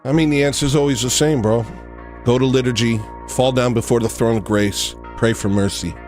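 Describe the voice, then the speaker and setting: A man's voice: mid-range voice, steady tone, moderate pace, a little mellow, faint music behind. A man hosting a livestream, ranting in a blunt, rambling way with frequent restarts. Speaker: livestream host. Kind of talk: casual livestream rant.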